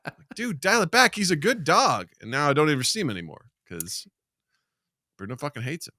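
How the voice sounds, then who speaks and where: Male podcast co-host: bright, animated, laughing, dry close sound. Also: on the high side, no room sound. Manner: animated, laughing, voices his dogs in quick asides. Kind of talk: casual chat.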